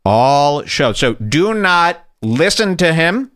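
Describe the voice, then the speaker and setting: Animated joking podcast host, man. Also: fairly high pitch, takes it slowly, no echo, studio quality. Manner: animated, mocking, laughs while talking, does voices for quotes. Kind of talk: casual comedic commentary.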